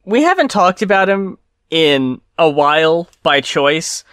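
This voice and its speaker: A man hosting a podcast in casual chat, measured and opinionated, with a dry delivery. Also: on the high side, big pitch swings, fairly bright tone, clear, resonant tone, no echo. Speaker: podcast host.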